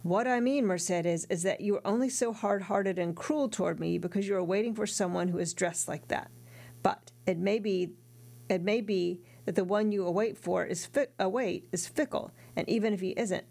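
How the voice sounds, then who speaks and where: A woman's voice: medium pitch, moderate pace, gravelly, a little mellow. A woman voicing a jealous, brooding young man in an earnest read. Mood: bitter.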